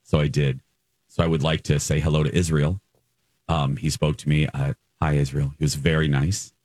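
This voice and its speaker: A man's voice: rumbling low, flat delivery, moderate pace, a little mellow, dry recording. A man hosting a morning radio show in casual chat, telling stories with gleeful, playful exaggeration.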